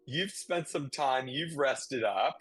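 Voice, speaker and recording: A man narrates as game master at an unhurried pace, halting as he thinks aloud. His voice is dry and close, with faint music behind it. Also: medium pitch, expressive, breathy edge, no echo.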